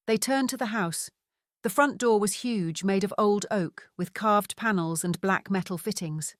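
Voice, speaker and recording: Low-voiced woman narrating a novel. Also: no echo, studio quality. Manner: calm, steady reading. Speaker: audiobook narrator. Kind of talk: scripted narration.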